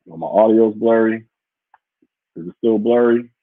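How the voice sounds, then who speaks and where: A man's voice: fairly low pitch, moderate pace, no echo. A man hosting a podcast as a casual livestream, reading out viewer comments in a rambling, blunt and profane way. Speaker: podcast host. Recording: muffled phone-like audio.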